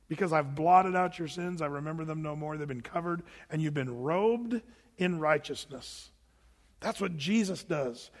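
A man preaching a sermon as pastor, animated, acting out quoted voices, with fillers and restarts. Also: a little high. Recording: long hall reverb.

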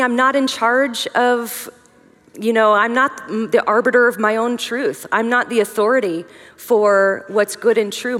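Middle-aged woman speaker, chatty and joking, slightly high voice, reverberant large hall. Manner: conversational, joking asides, lively emphasis. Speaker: women's conference speaker. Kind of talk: humorous teaching talk.

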